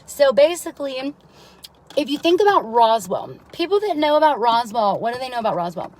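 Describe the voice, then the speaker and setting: This mother's voice is a little high and a little mellow, captured on poor audio with a slight hiss or hum. She streams a long, meandering personal story full of swearing, often turning to listeners with "right?"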